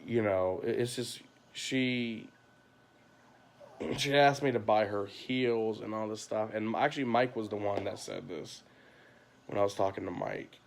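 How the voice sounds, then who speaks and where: A man talks into his phone late at night at home, venting in a long, rambling livestream. His voice sits a little low with a gravelly rasp. He circles back on himself with constant "you know" and "like", frustrated and weary. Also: measured pace. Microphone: phone camera.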